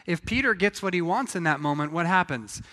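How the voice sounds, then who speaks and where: Bright-voiced preaching man in a hall. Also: sits high, brisk. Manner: animated storytelling, acting out quoted voices. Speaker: pastor. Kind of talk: sermon.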